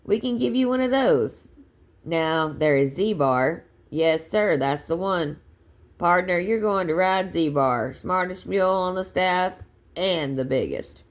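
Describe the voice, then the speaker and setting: A woman doing a big drawling cowboy guide. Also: low-pitched. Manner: gentle persuasive drawl. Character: big friendly male cowboy mule guide.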